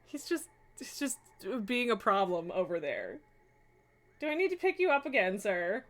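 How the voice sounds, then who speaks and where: A woman's voice: mid-range voice, sing-song, moderate pace. A woman live streamer chatting casually from her home streaming room, laughing often, swearing and scolding her cats.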